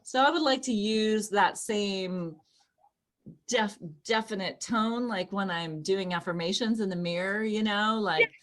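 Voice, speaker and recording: A middle-aged woman from Los Angeles performing a stand-up comedy set, chatty and animated, often jumping into high squealing voices to quote people. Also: measured pace.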